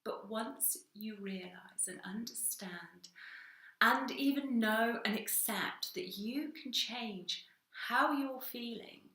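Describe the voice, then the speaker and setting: A woman's voice: on the high side, slow pace, bright, forceful tone, reverberant. A woman, a hypnotherapist giving a conversational talk straight to camera and acting out little exchanges along the way. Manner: conversational, acts out little dialogues.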